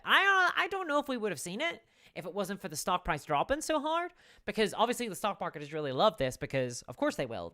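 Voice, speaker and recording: A woman with a notably low-pitched voice hosts a casual live stream. She rambles, restarting her sentences often, and pauses to thank viewers for their donations. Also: fairly bright tone. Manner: rambling, with frequent restarts and fillers.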